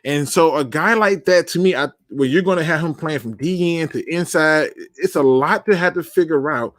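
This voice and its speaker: Male sports host, casual and animated, a bit high-pitched, dry studio sound. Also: moderate pace, no room sound. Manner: animated, swears, laughs at himself. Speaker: podcast host.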